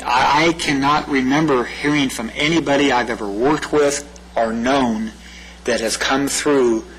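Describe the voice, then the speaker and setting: A man's voice: mid-range voice, slight background noise, low-quality recording. Chatty man giving a community safety talk. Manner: conversational, repeats himself, asks "right?". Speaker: public safety presenter. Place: meeting room.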